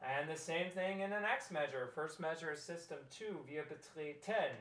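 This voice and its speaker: A man's voice: a little high, moderate pace, distant mic, over music. A man leading a choir rehearsal, walking through the score and singing short phrases as examples. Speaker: choir director. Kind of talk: choral rehearsal instruction. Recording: roomy, from off mic.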